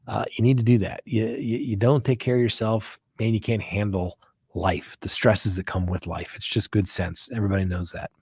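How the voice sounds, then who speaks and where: Male host, defense attorney type, easygoing and folksy, slightly husky delivery, dry close recording. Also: lowish voice, steady tone, moderate pace, darkish tone, no echo. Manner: conversational, folksy, frequent "right?" asides. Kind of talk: casual live-stream talk.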